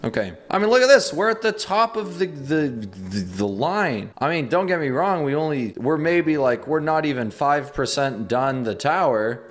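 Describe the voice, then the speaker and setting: A young man hosting a gaming video, giving excitable running commentary and yelping and laughing as he plays. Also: on the high side, moderate pace, few pauses. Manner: excitable, yelps and laughs while playing.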